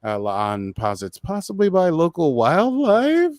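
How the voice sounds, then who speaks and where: A man's voice: a little high, huge pitch swings, unhurried, a little mellow, no echo, studio quality. A man hosting a podcast, casually recapping a TV episode in a rambling, chatty way with many fillers. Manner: rambling, chatty, full of "uh" and "so he's like". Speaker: podcast host.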